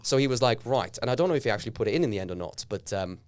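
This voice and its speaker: A man's voice: mid-range voice, rapid-fire, clean tone, no room sound. A young adult man from Norway, whose first language is Norwegian, speaking as a guest actor in a casual podcast interview and acting out quotes as he tells stories. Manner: animated storyteller, acts out quotes.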